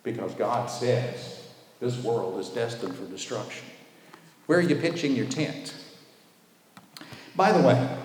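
A male preacher delivers an emphatic sermon, slowing down to stress the words that matter. His voice rings through a very echoey hall with a long reverb tail. A faint hum of background noise sits underneath. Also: medium pitch, darkish tone. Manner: emphatic, drawing out key words slowly. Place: church with a responding congregation.

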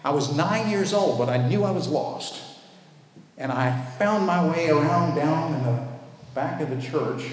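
Man preaching in an echoey church hall. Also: a little high. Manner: emphatic, drawing out key words slowly. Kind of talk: sermon. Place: church with a responding congregation. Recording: echoey hall with faint background noise.

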